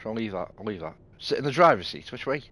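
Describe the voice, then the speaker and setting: A man's voice: fairly low pitch, very animated, fast, sharp tone. A British man chatting casually and rambling as he streams a game, laughing easily. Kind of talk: casual live stream chat.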